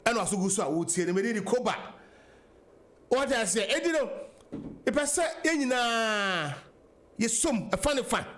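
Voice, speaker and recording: A man's voice: high-pitched, animated, normal speed, pauses often, fairly bright tone, slight background noise. A Ghanaian man hosting a political talk radio show, giving an emphatic monologue that mixes English and Twi.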